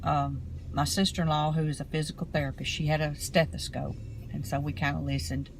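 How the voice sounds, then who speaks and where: A middle-aged woman, talking casually to camera from her car in an earnest, rambling, halting way. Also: low-pitched, level tone, over music, low-quality recording. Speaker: vlogger.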